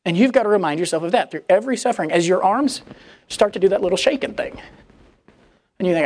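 A woman preaching a sermon in a conversational, animated way, acting out the voices she quotes. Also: on the low side, fast talker.

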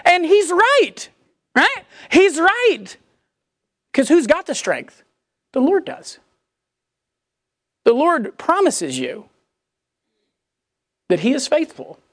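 A woman delivers a sermon in a relaxed, conversational manner, acting out the voices of the people she quotes. Her voice sits fairly high and moves all over its range. The sound is close and dry, with no room in it. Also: slow pace, pauses often, no echo. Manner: animated, conversational preaching that acts out quoted voices. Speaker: preacher.

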